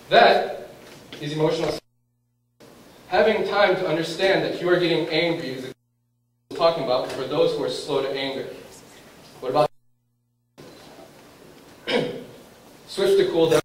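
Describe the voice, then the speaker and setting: A man's voice: on the high side, a little slow, pauses often. A man giving a lecture, quizzing his audience and acting out the thoughts going through someone's head. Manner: questions the audience and acts out inner thoughts. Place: lecture room. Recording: very echoey room, voice far from mic, faint background noise.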